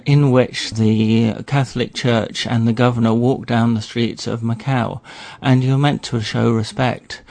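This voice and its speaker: A man, a regular history guest on a radio show, telling a story in a relaxed way with wry asides. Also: medium pitch, creaky, dry recording. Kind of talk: storytelling chat.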